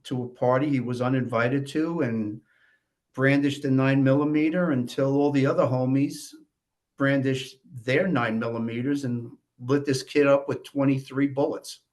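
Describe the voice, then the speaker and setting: A man's voice: medium pitch, fairly even intonation, normal speed, a little mellow. A matter-of-fact man telling blunt stories. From New York. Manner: matter-of-fact, frequent "you know" asides. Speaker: podcast guest, former death investigator. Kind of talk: casual storytelling conversation.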